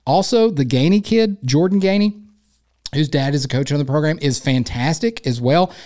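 A man's voice: fairly high pitch, lively intonation, normal speed, darkish tone. A man with an East Tennessee accent hosting a sports podcast alone, rambling in a casual, jokey, self-deprecating way. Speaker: podcast host.

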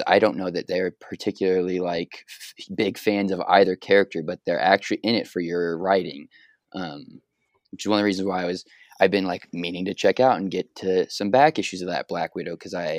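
Comic shop guy, very deep voice, dry recording, casual and rambling. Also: no room sound. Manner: casual, rambling, many fillers. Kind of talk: podcast conversation.

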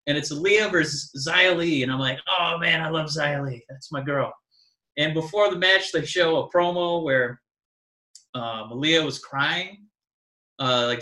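A man with a bright, forceful, fairly high voice rambles through a casual chat, jumping into animated bits. The room around him rings with echo. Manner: rambling, animated, mock-crying impressions. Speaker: podcast co-host.

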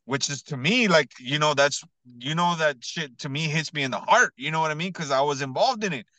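A man's voice: fairly high pitch, fairly quick, no room sound, low-quality recording. Slangy man telling an earnest story. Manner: slangy, fills talk with "bro" and "you know what I mean"; earnest, builds to excited emphasis. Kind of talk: casual storytelling.

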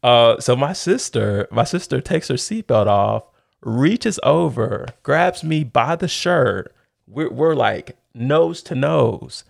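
Middle-aged male storyteller, low gravelly voice, animated casual delivery, dry close recording. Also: takes it slowly, no room sound. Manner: animated, laughs often, says "dude".

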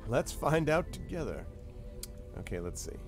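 A man's voice: on the high side, big pitch swings, measured pace, a little mellow. Guy running a tabletop game, chatty and loose, lots of ums and little sound effects, faint music behind. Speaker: game master.

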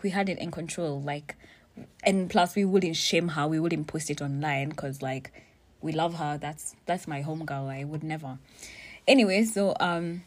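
A young woman with a slightly low voice spills a personal story straight to camera. She talks bluntly and swears freely, keeping the telling animated and casual. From Kenya. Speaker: vlogger.

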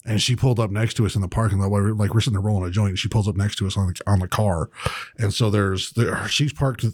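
A man's voice: lowish voice, quick pace, breathy edge, dry recording, studio quality. A man co-hosting a podcast, telling rambling, profane stories in casual chat. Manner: rambling, profane, animated storyteller. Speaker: podcast co-host.

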